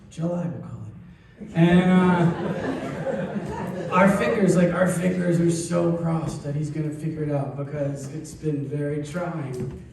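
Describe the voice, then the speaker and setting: A man doing a stand-up comedy set, telling stories deadpan and breaking into sudden high-pitched outbursts. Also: gravelly, background noise. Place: comedy club stage. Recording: echoey live club mic from a distance, audience. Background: audience laughter.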